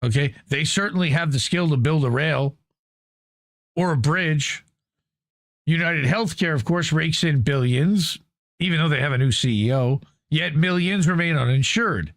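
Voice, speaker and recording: A man's voice: a little high, normal speed, a bit bright, no room sound, studio quality. A man hosting a talk show, reading an article aloud and commenting in a casual, profane way. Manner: profane, conversational, reads aloud then comments. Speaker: news show host.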